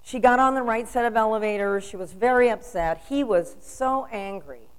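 A woman's voice: on the high side, moderate pace, clean tone, rough recording. An older woman delivering a storytelling sermon, asking rhetorical questions with emphasis.

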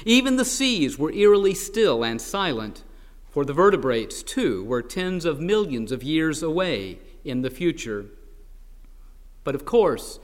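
A man's voice: fairly high pitch, a bit bright, in a large hall. A man reading a story aloud with a wry, dramatic delivery.

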